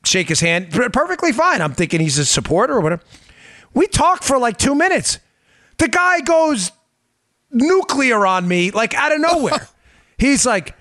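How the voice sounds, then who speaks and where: A man hosting a political talk show, animated and emphatic, sarcastic and quick to laugh. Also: very high voice, dry recording, studio quality. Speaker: host.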